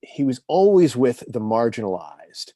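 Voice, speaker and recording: A man's voice: mid-range voice, very animated, measured pace, mellow, no room sound, studio quality. A man in his fifties, an interview guest telling personal stories in an earnest, reflective, conversational way. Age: 50s. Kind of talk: casual conversational storytelling.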